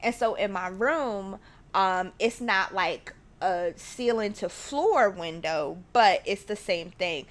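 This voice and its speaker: A woman hosting her own podcast from her living room, chatting casually in a rambling, excitable way and often dropping to a whisper. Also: medium pitch, slow. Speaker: podcast host. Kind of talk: casual solo chat. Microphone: studio mic at home.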